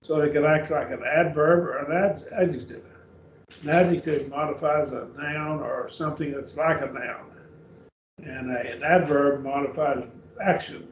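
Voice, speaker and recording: Male teacher, slow and deliberate lecture delivery, slightly higher voice, roomy dull recording. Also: fairly even intonation. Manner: slow, deliberate, repeats and spells out words. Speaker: Greek teacher. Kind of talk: classroom lecture. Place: church classroom. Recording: echoey room, dull far-off mic, faint hiss.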